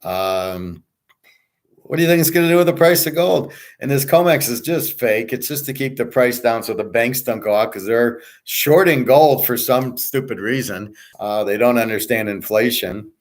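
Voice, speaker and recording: A man's voice: medium pitch, normal speed. Blunt, boastful middle-aged man ranting. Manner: blunt, boastful, rambling, profane. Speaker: sports betting tipster and host. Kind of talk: casual ranting monologue.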